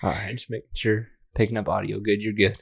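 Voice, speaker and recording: A woman's voice: very deep voice, level tone, fast talker, creaky, breathy edge, no echo, studio quality. A woman co-hosting a podcast in casual chat, blunt and teasing, swearing freely. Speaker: podcast co-host.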